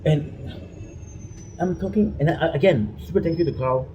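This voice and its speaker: A man's voice: a little high, normal speed, dark tone, highs cut off, slight background noise. A man vlogging an emotional personal rant, rambling and frustrated, often restarting his sentences.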